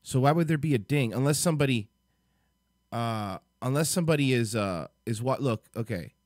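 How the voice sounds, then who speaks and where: A man's voice: medium pitch, animated, a little fast, darkish tone, no echo, clean studio sound. A man hosting a livestream, reacting to clips in rambling, chatty commentary. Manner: rambling, chatty, thinks aloud. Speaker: host.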